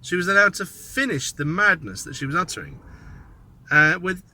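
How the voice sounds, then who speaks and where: Bright-voiced man ranting sardonically. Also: high-pitched, sing-song, normal speed. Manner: sardonic, mocking asides; rambling, thinks aloud. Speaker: political commentator. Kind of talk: casual commentary monologue.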